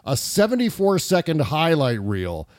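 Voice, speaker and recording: A man's voice: fairly high pitch, huge pitch swings, measured pace, slight background noise. A man hosting a talk show, chatting loosely with plenty of fillers. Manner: loose, filler-heavy, laughs easily. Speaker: host. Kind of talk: casual talk show chat.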